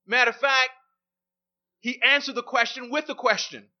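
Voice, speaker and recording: A man's voice: very high-pitched, steady tone, moderate pace. A man preaching a sermon, emphatic and repeating his key phrases for weight. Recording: dull lo-fi recording.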